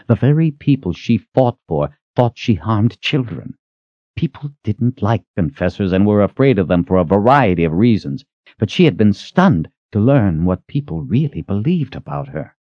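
Low, lively male audiobook narrator. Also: normal speed, no echo. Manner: expressive storytelling. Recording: dull, dry lo-fi recording.

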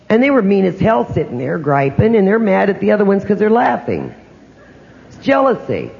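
A man's voice: sits high, wildly swooping pitch, normal speed, gravelly, a little mellow. An older man speaking as a psychic to an audience, telling personal stories and asking them rhetorical questions in a conversational way. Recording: dull lo-fi recording in a reverberant hall.

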